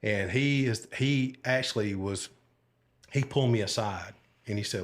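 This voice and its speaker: On a podcast, a retired sheriff's deputy from Alabama spins stories from his life in a casual interview. The older man's voice is on the low side with a measured pace, and he talks in a folksy, rambling style with lots of fillers and asides.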